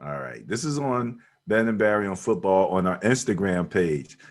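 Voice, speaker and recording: A man's voice: deep voice, expressive, normal speed. A man co-hosting a casual football talk show who laughs easily and keeps the banter going. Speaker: sports talk show co-host. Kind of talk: casual sports radio chat.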